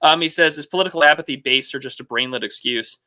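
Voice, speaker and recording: A man's voice: a little high, quick pace, sharp tone. A young man hosting a casual livestream podcast, rambling with fillers as he reads out viewer messages. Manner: rambling, lots of fillers, reads super chats. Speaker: podcast host.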